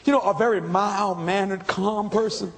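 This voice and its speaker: A man preaching a testimony sermon, telling his story with excitable emphasis and sudden shouts. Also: high voice, moderate pace, in a large hall.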